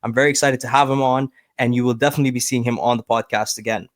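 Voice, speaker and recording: A man's voice: mid-range voice, steady tone, racing, no room sound. A male podcast host with a mid-range voice gives a friendly, upbeat intro. The recording is close and dry, with no room sound. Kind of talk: casual podcast hosting.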